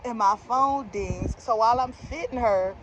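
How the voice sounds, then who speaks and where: A young adult woman telling a comedic storytime in a casual, slangy, animated way, laughing along as she goes. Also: a little high, unhurried, lo-fi sound, a little hiss or hum.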